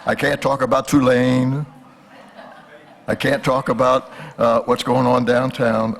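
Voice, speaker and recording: An older man giving a history lecture at a symposium, telling jokes in a folksy way and pausing often with fillers. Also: medium pitch, little pitch movement. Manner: folksy, hesitant with many fillers. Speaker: guest speaker, historian.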